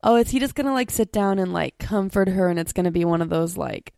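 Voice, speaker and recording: A young woman co-hosting a casual chat, talking fast with lots of "like" and little laughs. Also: on the low side, gravelly, mellow, smooth, dry recording, studio quality. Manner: chatty, quick, full of "like" and little laughs. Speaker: co-host.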